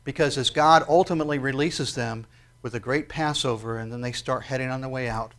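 A man's voice: mid-range voice, brisk, a bit bright. A man preaching a sermon in a conversational way, often asking his listeners questions. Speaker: pastor.

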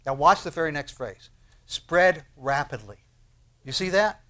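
A man preaching a sermon in a conversational, animated way, acting out prayers and asking rhetorical questions. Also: on the high side, measured pace. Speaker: pastor.

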